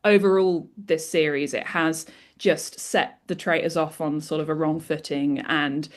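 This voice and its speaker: A woman guest co-host with a somewhat low voice chats about a show. She sounds enthusiastic, and her sentences often restart mid-thought. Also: steady tone, unhurried. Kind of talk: casual podcast chat.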